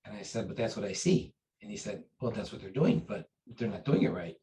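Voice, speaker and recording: A man recounting memories of his teacher in an interview, earnest and halting, with many fillers and restarts. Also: fairly low pitch, lively intonation, warm tone, poor audio. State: briefly choked up. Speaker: interview guest, taekwondo master. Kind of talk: conversational storytelling.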